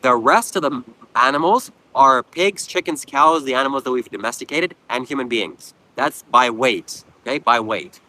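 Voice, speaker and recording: This livestream host, broadcasting from a beach, reads out comments from viewers and answers them with mocking, preachy, blunt lectures. He speaks at a medium pitch with a sharp tone, captured in low-quality audio.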